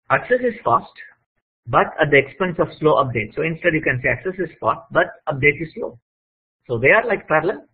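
Husky male lecturer, tinny sound. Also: a little high. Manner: plain teaching tone with frequent "okay?" check-ins. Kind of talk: explaining slides in a recorded lecture. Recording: tinny phone-like audio.

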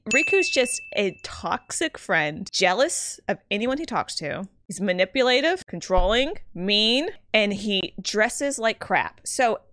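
Animated young woman streaming a game. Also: mid-range voice, slow pace, few pauses, a little hiss or hum. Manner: animated, swearing, often laughing and gasping. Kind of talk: live gameplay commentary. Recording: game music playing behind.

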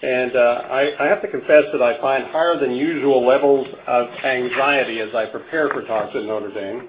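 A man's voice: mid-range voice, moderate pace. An older man from Canada giving a conference lecture, a wry storyteller who chuckles at his own jokes and stumbles over restarts. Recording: phone-like narrow band.

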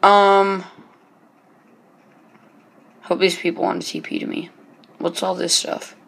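A man's voice: sits high, flat delivery, slow, creaky, fairly bright tone. A man giving casual gameplay commentary as host of his own channel, hesitant and full of ums, joking as he goes. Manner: hesitant, many ums and restarts; chatty and joking.

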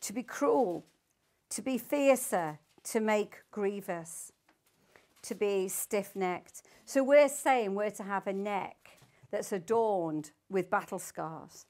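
A woman's voice: mid-range voice, lively intonation, slow pace, a little mellow. An older woman teaching the Bible to a small group, reading scripture aloud and asking her listeners emphatic questions.

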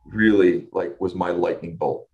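An earnest middle-aged man recounts a personal story as a guest in a conversation. His voice sits a little low, and he often restarts his sentences and pauses when the moment turns emotional. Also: steady tone, a little mellow, muffled recording. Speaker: interview guest.

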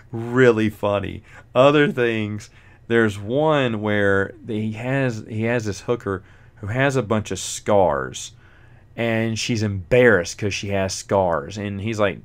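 A man's voice: lowish voice, unhurried. A man hosting a solo podcast, chatting casually about a book, rambling with lots of fillers and chuckling often. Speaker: podcast host reviewing a book.

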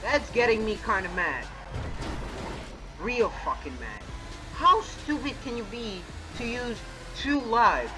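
A young man giving live commentary on a co-op game, excitable and foul-mouthed, yelling at his teammate. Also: extremely high pitch, slow pace, over music, rough recording. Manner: excitable, swears a lot, shouts at his teammate. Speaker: gamer playing co-op missions.

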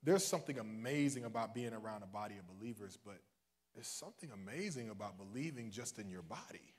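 A male minister preaching a livestreamed sermon in a casual, joking way, swinging from soft asides to loud, high cries. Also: lively intonation, fairly quick. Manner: casual and joking between points.

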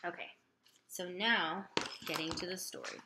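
A woman teaching a language lesson slowly and patiently, sounding out example phrases carefully and pausing on fillers. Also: lowish voice, steady tone, very noisy. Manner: slow, deliberate, with many fillers. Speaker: Spanish teacher.

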